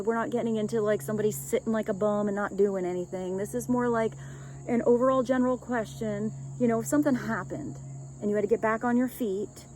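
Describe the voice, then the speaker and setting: A woman's voice: on the high side, dark tone, slight background noise, rough recording. A woman giving a casual, rambling love reading as a tarot reader, chatting with light laughs.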